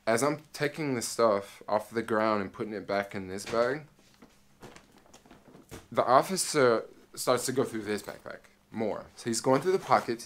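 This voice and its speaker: Animated man telling a travel story. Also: on the low side. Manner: animated, many fillers, acts out soldiers' lines. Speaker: vlogger. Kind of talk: casual storytelling.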